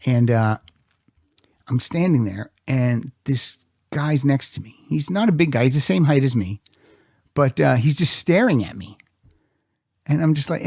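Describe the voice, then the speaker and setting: A man hosting a podcast, telling a story in a lively, laughing way. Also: medium pitch, measured pace, creaky, no room sound, studio quality. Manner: animated storyteller, laughs often. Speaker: podcast host. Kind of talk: casual podcast chat.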